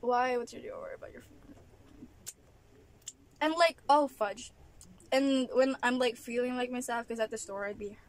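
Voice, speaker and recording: A woman's voice: a little high, fairly even intonation, normal speed, pauses often. A woman from the Philippines, venting in a casual vlog while chewing her food between exasperated remarks. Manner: exasperated ranting with frequent laughs. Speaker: vlogger. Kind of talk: casual eating vlog rant. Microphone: camera at an angle.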